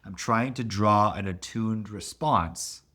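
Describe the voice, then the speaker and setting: A middle-aged man explaining relationship conflict as a coach, lively and expressive, often acting out what partners say. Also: slow. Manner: animated, acts out quoted voices with big pitch jumps. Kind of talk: teaching talk to camera.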